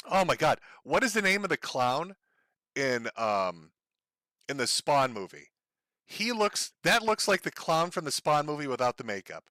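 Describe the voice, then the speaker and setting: Sarcastic, bright-voiced man hosting a stream. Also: on the high side, big pitch swings, unhurried, dry recording. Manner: sarcastic, laughing, profane. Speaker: stream host. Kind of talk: mocking live-stream commentary.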